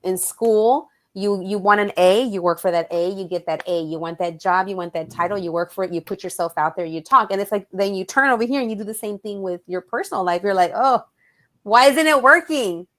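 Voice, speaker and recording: Animated woman telling a story. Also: medium pitch, quick pace, hardly any pauses. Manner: animated storyteller acting out quoted voices, laughs often; mixes Spanish words into English. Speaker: guest. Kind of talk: casual chat.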